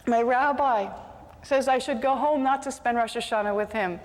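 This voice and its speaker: A woman's voice: fairly high pitch, normal speed, long reverb tail, voice pushed up, close to an everyday voice. A woman voicing a poor, simple male water carrier who speaks earnestly and pleads. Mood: sad.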